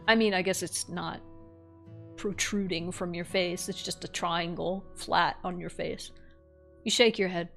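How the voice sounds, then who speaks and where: A woman's voice: fairly low pitch, steady tone, unhurried, gravelly, faint music behind. Woman reading a game with wry asides. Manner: wry, offhand commentary. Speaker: streamer. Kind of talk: reading a horror text game aloud with asides.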